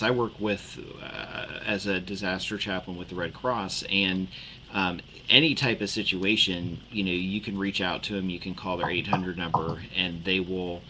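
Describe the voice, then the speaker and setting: A male co-host and chaplain talking in a relaxed, thoughtful way, hedging with fillers. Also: low voice, a little hiss or hum, low-quality recording. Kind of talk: casual podcast conversation.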